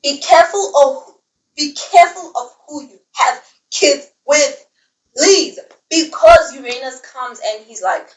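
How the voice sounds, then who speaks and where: A woman's voice: high-pitched, unhurried, echoey room, recorded from a distance, rough recording. A young woman telling a casual story recap, chatty and digressive, with dramatic asides. The voice sits in a room, set back from the mic. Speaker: book reviewer.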